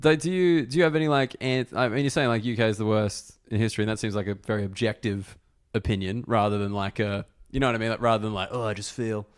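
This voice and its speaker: A man's voice: on the low side, fairly even intonation, quick pace, hardly any pauses, smooth. An Australian man hosting a podcast, talking casually and rambling with lots of fillers. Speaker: podcast host, comedian. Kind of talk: casual chat.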